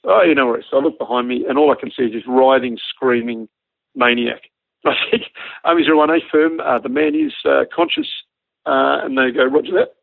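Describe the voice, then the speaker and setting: A man with an Australian accent telling a lively story about flying a helicopter, acting out the radio calls and laughing often. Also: medium pitch, moderate pace, creaky, no room sound, phone-quality sound. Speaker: former army helicopter pilot telling a story. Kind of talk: casual anecdote.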